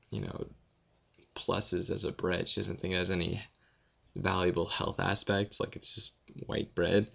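A young man with a fairly low, sharp voice and vocal fry casually answers viewer questions in a Q&A vlog. He's rambling, offhand, and sleepy, swearing and yawning as he goes. The highs are cut off in the audio.

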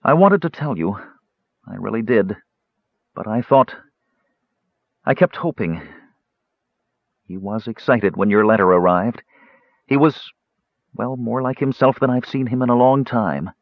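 A man voicing a young barmaid, bitter and tearful, with his pitch pushed up. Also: lively intonation, measured pace, pauses often, no room sound. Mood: pleading. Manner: raised, strained pitch, emotional. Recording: slightly dull audiobook recording.

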